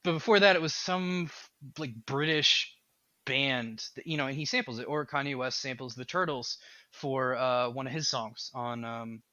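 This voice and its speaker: Bright-voiced man in animated podcast chat. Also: medium pitch, moderate pace, no room sound, lo-fi sound. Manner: animated, rambling talker. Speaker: game developer guest.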